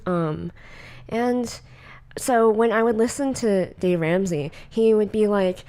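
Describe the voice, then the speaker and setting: A young woman with a Californian Valley Girl accent chats through a podcast episode. Her voice is mid-pitched, and she fills her talk with "like" and "um" and breaks into quick laughs. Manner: chatty, animated, laughs often, many fillers. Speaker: podcast host. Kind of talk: casual chat.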